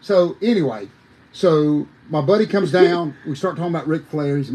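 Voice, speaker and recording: A man, a former wrestler telling lively, folksy stories as a podcast guest, talking straight to his listeners. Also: a little high, moderate pace, low-quality recording. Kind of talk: animated storytelling on a podcast.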